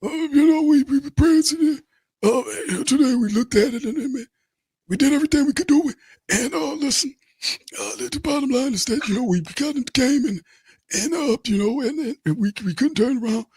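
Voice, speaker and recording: A man's voice: extremely high pitch, fairly quick, a little mellow, husky, no room sound, pitched above the performer's own voice, heavily acted. A man doing a mocking impression of a flustered, rambling male football head coach who stammers through fillers. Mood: defensive.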